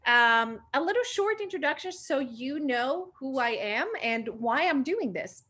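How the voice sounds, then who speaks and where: A woman's voice: high-pitched, lively intonation, a little slow, bright, forceful tone. Breathless woman, upbeat host. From Sweden. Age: 20s. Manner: upbeat and effusive, repeats words for emphasis. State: short of breath. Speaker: retreat founder and confidence coach hosting a meeting. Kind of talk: video call presentation. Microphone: video call.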